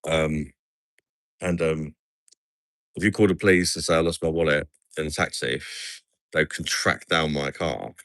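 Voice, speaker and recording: A chatty English man hosts a casual livestream and keeps calling people "mate". His voice is very low yet bright and forward. The sound is close and dry, with no room around it. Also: fairly even intonation, a little slow, long pauses, no room sound. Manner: chatty, says "mate" a lot. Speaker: livestream host. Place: outdoors at night in a resort town.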